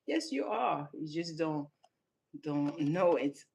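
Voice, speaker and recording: A woman's voice: low-pitched, lively intonation, takes it slowly, creaky, darkish tone, slightly rough. A woman from Senegal, raised in southern France, giving casual reaction commentary and laughing often between emphatic remarks. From born in Senegal, raised in southern France. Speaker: vlogger reacting to clips.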